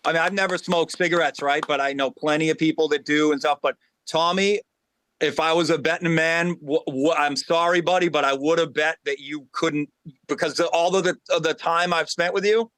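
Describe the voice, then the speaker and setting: A man's voice: fairly high pitch, fairly even intonation, normal speed, fairly bright tone, clear, resonant tone, no echo, poor audio. A man, a guitarist on a podcast, talking eagerly and stumbling over his words. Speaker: guest guitarist. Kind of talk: casual interview chat.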